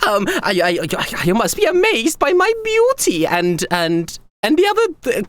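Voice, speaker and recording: A man voicing a vain, nervous young male emperor who gushes and rambles in a very high, giddy voice. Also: wildly swooping pitch, moderate pace, no room sound, heavily acted. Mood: flustered.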